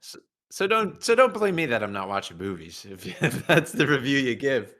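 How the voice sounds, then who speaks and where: A man chatting as a talk show guest, speaking hesitantly with halting starts. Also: mid-range voice, big pitch swings, a bit bright. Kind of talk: casual chat.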